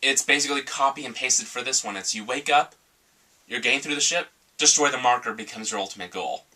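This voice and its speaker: Male co-reviewer, blunt and profane, mid-pitched and bright, picked up from across the room. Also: a little fast. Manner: blunt and profane, mock-quotes in a sarcastic voice. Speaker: game reviewer. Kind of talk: casual review chat. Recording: voice from far off the mic.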